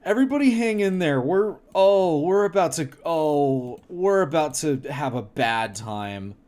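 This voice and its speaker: Man, livestream streamer, casual chat, laughs a lot, swears, mock-horrified exclamations, slow unhurried delivery. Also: a little high, lively intonation, a little mellow.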